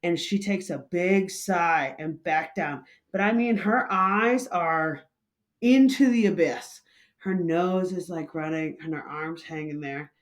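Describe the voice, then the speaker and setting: A woman with a slightly low voice tells a story to the camera in a chatty, loose manner. She keeps a casual flow full of fillers. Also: takes it slowly. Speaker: vlog host and coffee shop manager.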